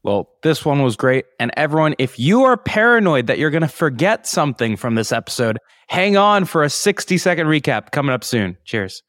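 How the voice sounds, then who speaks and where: A man's voice: a little high, sing-song, brisk, few pauses, fairly bright tone, dry recording, studio quality. Upbeat male podcast host. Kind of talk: casual podcast chat.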